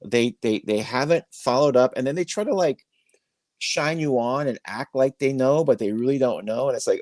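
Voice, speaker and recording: A man's voice: medium pitch, normal speed, a little mellow, no room sound. Man venting casually in a dry bedroom. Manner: emphatic, rambling storyteller. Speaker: podcast host. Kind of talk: casual interview chat. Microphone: iPhone.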